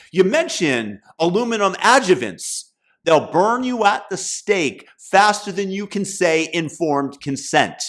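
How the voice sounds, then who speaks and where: Sarcastic man with lively delivery. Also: high-pitched. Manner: mocking, sarcastic. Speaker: commentary host. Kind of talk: satirical commentary rant.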